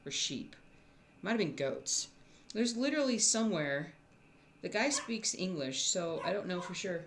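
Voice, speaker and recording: A woman's voice: fairly low pitch, lively intonation, moderate pace, a little hiss or hum. A woman who designs cross-stitch, chatting casually with her viewers from home in a rambling way, often restarting her thoughts. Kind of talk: casual live-stream chat.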